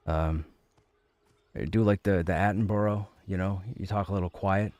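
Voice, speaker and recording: A man's voice: low-pitched, fairly even intonation, normal speed, darkish tone, dry recording. A man streaming a game from home, chatting casually and rambling, often repeating his phrases. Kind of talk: casual chat.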